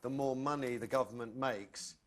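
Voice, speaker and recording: A man's voice: medium pitch, moderate pace, slight background noise. A man hosting a studio talk show, bantering and teasing his guests.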